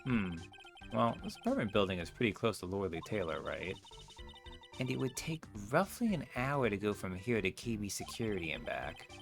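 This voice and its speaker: A level-headed young lawyer from a video game, as a man plays him. He speaks in a deep, deadpan and matter-of-fact voice. Faint game music runs underneath. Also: moderate pace, creaky.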